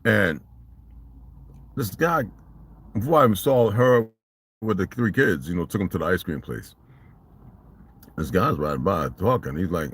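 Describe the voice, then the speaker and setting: A man telling a story in a casual vlog monologue, animated and profane, in street slang. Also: deep voice, moderate pace, pauses often, breathy edge. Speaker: vlogger.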